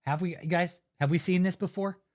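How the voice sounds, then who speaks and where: A man's voice: high-pitched, fairly even intonation, a little fast, a little mellow. A man hosting his own channel, delivering a heated, heavily profane and blunt rant of commentary. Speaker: channel host. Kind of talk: angry ranting commentary.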